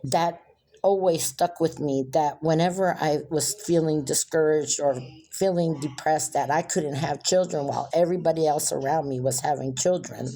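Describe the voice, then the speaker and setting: A woman telling a personal story in a soft, reflective way. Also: low voice, moderate pace.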